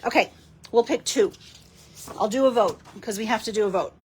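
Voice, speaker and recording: A woman's voice: a little high, brisk, breathy edge. A woman hosting a casual live card-making demo, chatting and giggling with her viewers as she works.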